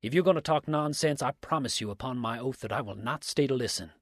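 A man voicing a hot-tempered, cursing man who shouts his defiance at a rival. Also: medium pitch, fast talker, slightly rough, dry recording, studio quality. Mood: scornful.

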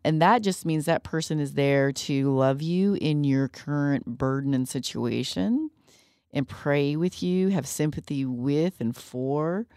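A woman co-hosting a radio talk show, chatting casually with quick asides and laughs. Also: deep voice, a little mellow, clear, resonant tone, dry recording, studio quality. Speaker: radio co-host. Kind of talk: casual chat.

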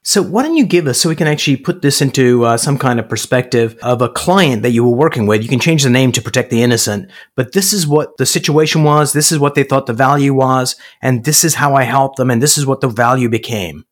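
Podcast host, male, conversational interviewer, animated storyteller. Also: medium pitch, fairly quick, hardly any pauses. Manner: storytelling, acts out quoted voices.

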